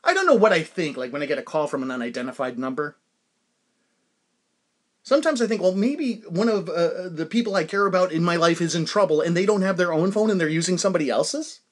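A man hosting a solo podcast, telling rambling stories and laughing at his own jokes. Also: high-pitched. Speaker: podcast host.

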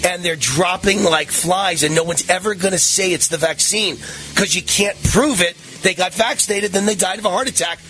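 A man's voice: sits high, moderate pace, pushed and bright, soft background music. A man in his sixties hosting a political talk radio show, combative and mocking, his voice rising into sing-song taunts. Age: 60s.

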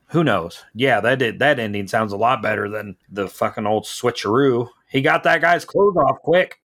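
A man's voice: medium pitch, moderate pace, few pauses. A man co-hosting a podcast, retelling film scenes in joking, profane casual chat. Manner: joking, profane, animated retelling with put-on quotes. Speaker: podcast co-host.

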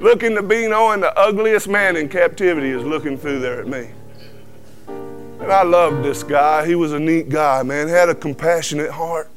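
A man with a drawl tells his life testimony in a folksy, animated way, slipping into the voices of the people he quotes. His voice sits a little high for a man. Soft music plays faintly behind him. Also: normal speed. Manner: animated storyteller who acts out quoted dialogue. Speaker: guest giving testimony. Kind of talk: folksy personal testimony storytelling. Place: truck cab.

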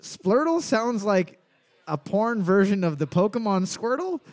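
A man's voice: sits high, a little slow. A young man hosting a bar trivia night, reading out questions and trading crude jokes with his co-host. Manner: joking, animated, swears casually.

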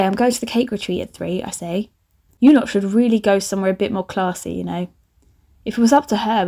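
A woman's voice: medium pitch, a little mellow. A young woman reads her own old story aloud and mocks it in a chatty way, laughing often. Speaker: podcast host. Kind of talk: reading old writing aloud with comic commentary.

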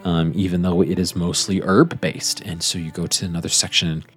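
A man as game master, gently describing the scene in a tabletop game. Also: low-pitched, level tone, normal speed, over music.

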